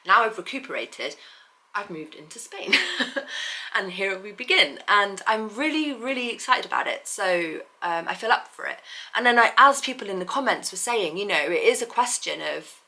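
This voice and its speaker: A woman's voice: medium pitch, animated, normal speed, sharp tone. Candid, rambling woman vlogger. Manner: candid, rambling, with many fillers and restarts. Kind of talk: casual personal vlog.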